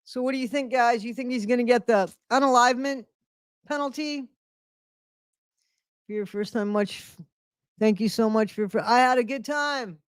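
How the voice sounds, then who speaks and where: Middle-aged woman hosting a home live stream; chatty, repeats herself, slightly high, dry mic. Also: normal speed, pauses often, clear, resonant tone, dry recording. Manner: greets viewers by name, repeats phrases. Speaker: livestream host. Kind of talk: casual live-stream chat.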